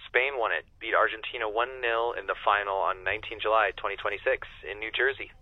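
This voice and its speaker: A male-sounding AI phone agent giving upbeat, polite, scripted customer service replies in a smooth sales tone over a dull lo-fi line. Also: lowish voice, fairly even intonation, fast, dry recording.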